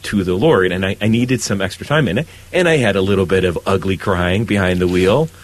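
A priest talking earnestly about faith in a relaxed conversation, often restarting his phrases. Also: low voice, a little fast, rough recording. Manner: earnest, heartfelt, repeats words as he restarts. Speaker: Catholic priest guest. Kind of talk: conversational spiritual talk.

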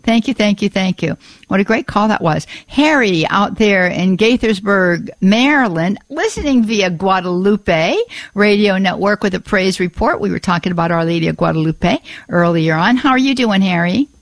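A woman's voice: medium pitch, moderate pace, dry recording. Female call-in radio host, effusive, dry close studio mic. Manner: effusive, repeats words of praise. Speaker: radio talk show host.

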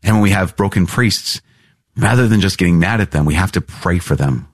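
A male priest offers a slow, earnest prayer in a very low, gravelly voice. His tone is husky and a little rough. He sounds close and dry, with no room around him. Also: no room sound. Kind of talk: closing prayer of a podcast episode.

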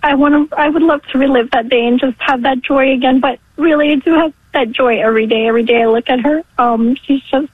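A woman's voice: sits high, steady tone, a little fast, few pauses, breathy edge, dry recording. A woman in her forties from New York calling in, emotional and tearful as she speaks. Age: 40s. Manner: emotional, tearful, breaking into laughs. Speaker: caller. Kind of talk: phone-in testimony. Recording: tinny dry phone line.

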